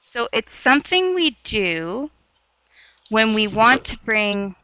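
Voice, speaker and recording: A woman from Canada teaching an online English lesson, patient and encouraging, explaining slowly. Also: a little high, very animated, pushed and bright, a little hiss or hum, rough recording. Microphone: video call headset or laptop mic.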